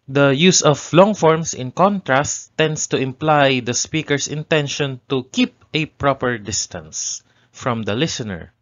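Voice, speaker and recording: A man teaching a language lesson, explaining grammar and repeating example phrases slowly with exaggerated intonation. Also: mid-range voice, a bit bright, lo-fi sound. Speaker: Japanese language tutor.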